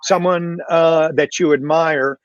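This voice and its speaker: A man's voice: on the high side, steady tone, slow, no room sound, dull audio. A man who is a guest on a video-call panel and talks about self-doubt. He is candid and reflective, with some self-deprecating humor. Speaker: panel guest, real estate leader.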